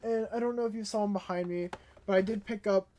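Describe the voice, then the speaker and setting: A young woman vlogging in a casual, animated storytelling way, stuttering when she gets worked up. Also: mid-range voice, fast talker. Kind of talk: casual ranting vlog.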